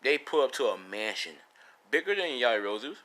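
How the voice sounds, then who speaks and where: Man, improvised storytelling, rambling, profane, lively pitch, bright voice. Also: normal speed. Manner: rambling, profane, laughs at own jokes.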